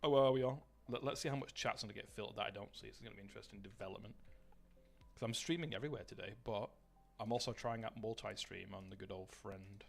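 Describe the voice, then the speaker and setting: A man streaming a game live, his voice gravelly with a rough edge as he rambles and swears. He greets his chat by name between tasks, and faint music plays behind him. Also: lowish voice, steady tone, quick pace. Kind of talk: casual live-stream gaming chatter.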